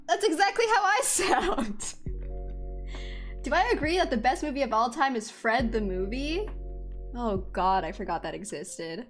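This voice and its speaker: A young woman streaming a game and chatting casually with her viewers, her voice high and lively as it swoops up and down. She talks slowly and giggles often, with faint music playing underneath. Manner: chatty and giggly, talking to chat. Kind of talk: casual live-stream chat while gaming.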